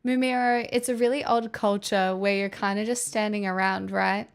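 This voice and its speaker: A woman's voice: medium pitch, fairly even intonation, normal speed, clear, resonant tone. An Australian woman livestreaming, chatting casually and answering viewers' messages with rambling restarts.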